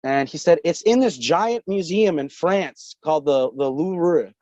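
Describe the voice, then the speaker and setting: A man's voice: a little high, expressive, measured pace, darkish tone, dry recording. A man telling a long story as a podcast guest, rambling and swearing, often breaking into laughter. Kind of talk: casual storytelling. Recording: dull lo-fi call audio.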